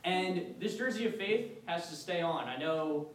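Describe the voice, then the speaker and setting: A young adult man with lively intonation speaks a little slowly as a student retreat speaker, giving a casual faith talk. He's chatty, laughs often and fills his speech with fillers. The recording sounds far off in an echoey room, with a faint rumble underneath.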